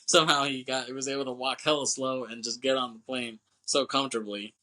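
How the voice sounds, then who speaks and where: A man's voice: medium pitch, steady tone, brisk, sharp tone, low-quality recording. A man co-hosting a movie podcast, casually retelling a film's plot with lots of profanity and acted-out lines. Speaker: podcast co-host.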